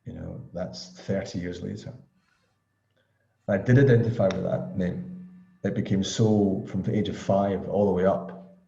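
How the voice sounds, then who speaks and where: Gravelly deep-voiced Scottish man. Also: fairly even intonation, measured pace, mellow, a little hiss or hum. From Scotland. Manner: reflective, rambling, chuckles often. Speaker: study group participant. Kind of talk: casual chat. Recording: echoey, dull lo-fi room audio.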